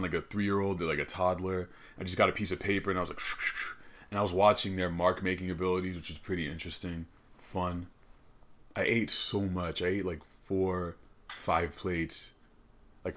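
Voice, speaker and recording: A man hosting a comedic podcast monologue, rambling, swearing a lot and laughing often. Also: deep voice. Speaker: podcast host. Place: studio.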